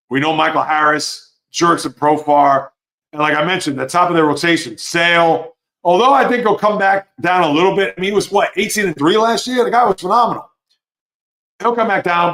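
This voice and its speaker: A man hosting a live sports talk stream, reading chat comments and giving opinionated, animated reactions. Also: on the high side. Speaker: sports show host.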